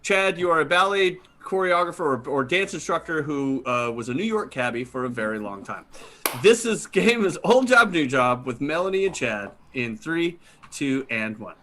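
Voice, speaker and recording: A man doing improv comedy, playing a scuba instructor and then hosting the next game in a playful, animated way. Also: fairly high pitch, normal speed, a little hiss or hum. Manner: playful, animated, drifts into accents. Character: male scuba instructor at a fish and flower shop. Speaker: improv performer and host.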